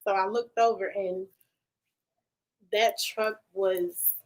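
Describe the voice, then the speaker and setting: A woman guest in a casual podcast chat, telling stories in an animated, heartfelt way with casual slang. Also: medium pitch, slow pace, poor audio. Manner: animated storytelling with laughs; emotional, heartfelt.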